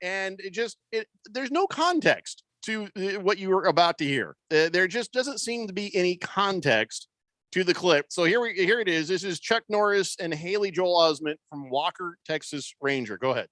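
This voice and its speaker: A man's voice: high voice, expressive, normal speed, a bit bright, no room sound. A man hosting a sports radio show in casual chat, rambling loosely with plenty of fillers and restarts. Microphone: studio microphone.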